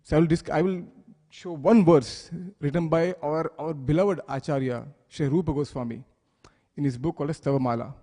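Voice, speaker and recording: A man's voice: a little high, moderate pace, mellow, big-room sound. A man giving a devotional scripture class, explaining words step by step and asking the listeners questions. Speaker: temple class speaker. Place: temple hall.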